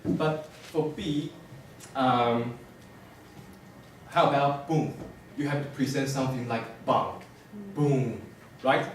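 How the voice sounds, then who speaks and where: Young male student, halting class talk, distant echoing classroom recording. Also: medium pitch, fairly even intonation, a little hiss or hum. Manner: hesitant, many fillers and restarts. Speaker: student presenter. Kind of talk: class presentation. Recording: echoey classroom from far off.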